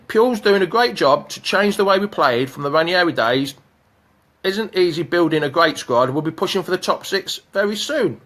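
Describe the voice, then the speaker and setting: A man hosting a live fan show, reading out viewer comments and chatting in an excitable, jokey way. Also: high voice, normal speed. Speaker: fan channel host.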